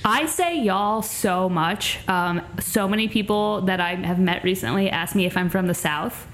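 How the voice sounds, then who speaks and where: A woman from co-hosting a podcast, talking in a dry, self-deprecating way with many pauses and ums. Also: medium pitch. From Long Island, New York. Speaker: podcast co-host. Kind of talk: casual chat.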